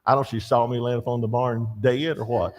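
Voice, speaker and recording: A man's voice: medium pitch, quick pace, background noise. An older man teaching a church Bible class, telling stories and asking the class questions. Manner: storytelling, animated, asks the class questions.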